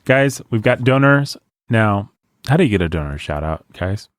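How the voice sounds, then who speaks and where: A man hosting a book podcast in casual chat, playful and upbeat as he reads off listener shout-outs. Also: fairly low pitch, sing-song, normal speed, no room sound, studio quality. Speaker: podcast host.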